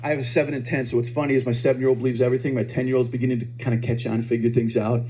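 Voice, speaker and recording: A man's voice: mid-range voice, little pitch movement, very fast, darkish tone, a little hiss or hum, rough recording. A man doing a stand-up comedy set live on stage, telling family stories and acting out his kids' voices.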